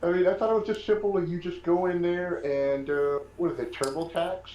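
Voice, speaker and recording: Rambling game master, echoey room. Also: male voice, high-pitched, steady tone, a little fast, darkish tone. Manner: rambling, filler-heavy, easygoing. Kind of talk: casual chat after a tabletop game. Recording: echoey room with faint noise.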